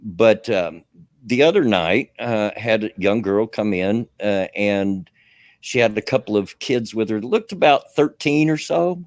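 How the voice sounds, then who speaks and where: A man's voice: lowish voice, expressive, unhurried, no echo, studio quality. A man hosting a radio show, telling a rambling story in casual chat, chuckling often and full of fillers.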